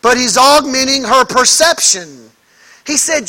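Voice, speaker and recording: A male pastor delivers an emphatic sermon in a very high, bright voice. He speaks slowly and deliberately and presses his points with rhetorical questions to the congregation. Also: lively intonation.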